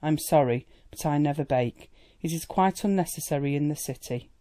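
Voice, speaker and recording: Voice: mid-range voice, normal speed, mellow, close to an everyday voice. A reader voicing a haughty young maid who speaks in a cold, firm and proper way, in an audiobook. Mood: frosty. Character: haughty young woman house maid, frosty.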